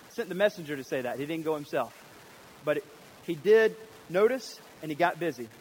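A male pastor delivering a sermon in a fairly high voice. He is animated and slips into character voices as he tells the story. Faint noise sits under the recording. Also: brisk, low-quality recording. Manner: animated, acts out voices of biblical figures.

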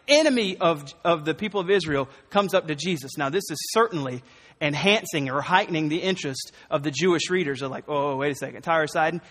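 A man preaching a conversational, animated sermon, often acting out the voices of the people he quotes. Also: high-pitched, in a large hall.

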